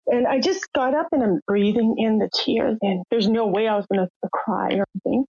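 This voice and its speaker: Older woman guest, emotional storytelling, bit high voice, dry dull recording. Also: brisk, gravelly, breathy edge, no room sound. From Canada. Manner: emotional, candid, breaks into quoted voices. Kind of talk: personal storytelling in a podcast interview. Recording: muffled lo-fi sound, dry.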